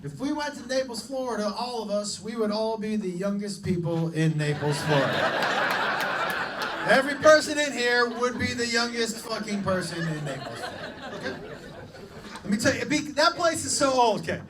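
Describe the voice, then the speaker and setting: A man doing live stand-up on a comedy club stage, telling a story in an animated, profane way. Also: sits high, normal speed, distant mic, over a noisy crowd, low-quality recording. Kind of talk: live stand-up crowd work.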